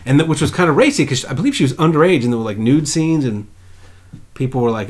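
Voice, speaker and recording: A man co-hosting a podcast in loose, profane chat. He rambles from one old movie or TV show to the next, and his voice sits at an ordinary middle pitch. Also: expressive, fast. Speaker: podcast co-host. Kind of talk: casual chat.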